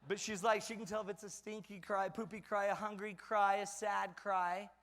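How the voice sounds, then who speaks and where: A man's voice: sits high, little pitch movement, normal speed, fairly bright tone, big-room sound. A middle-aged man giving a comedic talk on parenting to an audience, mocking himself as he acts out scenes from family life. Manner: self-mocking storyteller acting out family scenes. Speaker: parenting speaker.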